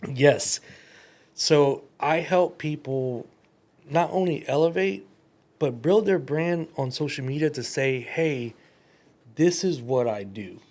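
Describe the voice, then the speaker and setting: A man's voice: fairly high pitch, lively intonation, takes it slowly, a little mellow. A man chatting as a podcast guest and brand coach, telling stories, acting out quoted dialogue and laughing often. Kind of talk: casual chat.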